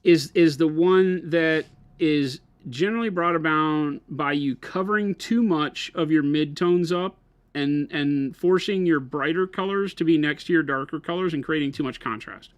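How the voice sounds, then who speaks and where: A man's voice: on the high side, normal speed, no echo. Brief: man, stream co-host, patient explainer, dry close mic. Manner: explains patiently, asks "right?" often. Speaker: co-host and painter on a hobby live stream. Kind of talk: casual live-stream chat and painting tips.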